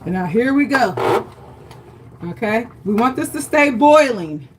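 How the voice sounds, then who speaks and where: A woman with a slightly high, expressive voice speaks at an unhurried pace, with some background noise. She's hosting a live cooking demo from her home kitchen over a livestream setup, chatty and encouraging, often checking in with her viewers.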